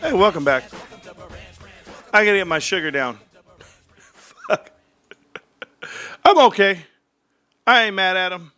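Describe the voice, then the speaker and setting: A middle-aged man hosting his own live stream, talking in a heated, profane and extremely animated way. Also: sits high, moderate pace, long pauses, soft background music. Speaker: stream host.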